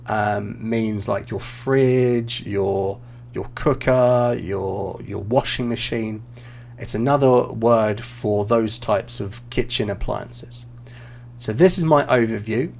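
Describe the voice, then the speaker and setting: A British man teaching English exam writing, explaining slowly and repeating key words for learners. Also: fairly low pitch, creaky, slight background noise. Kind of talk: online teaching walkthrough.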